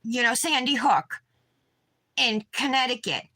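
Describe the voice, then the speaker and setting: A woman's voice: fairly high pitch, animated, unhurried, crowd noise. A woman nail vlogger chatting casually to her viewers while doing her manicure, rambling and swearing when upset.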